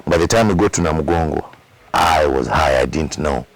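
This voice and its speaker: A man's voice: a bass voice, a little fast, no room sound, poor audio. A man with a Ugandan accent, a musician candidly telling his story in an interview, repeating words for emphasis and acting out old conversations. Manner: repeats words for emphasis, acts out past dialogue. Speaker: musician recounting his past.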